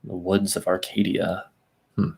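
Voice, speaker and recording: A man's voice: sits low, flat delivery, a little slow, creaky, darkish tone, husky. A man reading a text aloud at an easy pace, stopping for asides and second tries at hard names. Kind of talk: casual reading and commentary.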